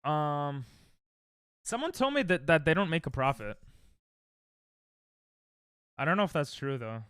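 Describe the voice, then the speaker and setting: Young male streamer, bright clear voice, animated and rambling, dry close sound. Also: unhurried, dry recording. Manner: rambling, laughs often, sudden high yelps. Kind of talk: casual chat with live chat.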